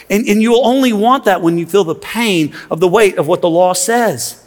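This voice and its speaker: A man's voice: sits high, normal speed, few pauses. A man preaching a sermon in a church, impassioned, often repeating words as he presses his points. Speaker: pastor. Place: church sanctuary. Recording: long reverb of a large hall.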